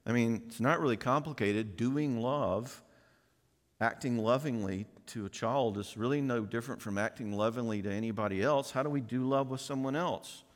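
A middle-aged man giving a folksy, animated conference talk, often acting out quoted voices. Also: mid-range voice, moderate pace. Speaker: conference speaker. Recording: long reverb of a large hall.

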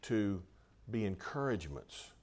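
Male pastor, low-pitched, mid-sermon, casual delivery that doubles back on itself. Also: big pitch swings, a little slow, darkish tone. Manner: conversational, repeats and restarts phrases.

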